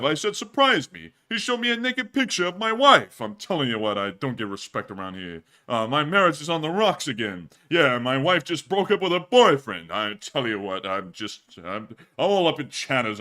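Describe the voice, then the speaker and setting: Man doing a loud whiny stand-up comic. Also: on the high side. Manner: loud punchy one-liners, complaining. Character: whiny self-pitying male stand-up comic.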